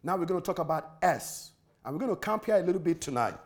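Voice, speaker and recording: A man preaching a sermon with emphatic repetition, swinging from loud exhortation to hushed pleading. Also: fairly high pitch, expressive, fast. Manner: pleading, earnest. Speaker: pastor.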